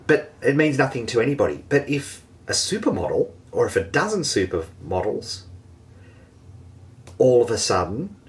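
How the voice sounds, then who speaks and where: A man teaching an online marketing lesson, energetic and jokey, poking fun at himself. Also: mid-range voice, normal speed. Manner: energetic, jokey and self-mocking. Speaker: online marketing course host.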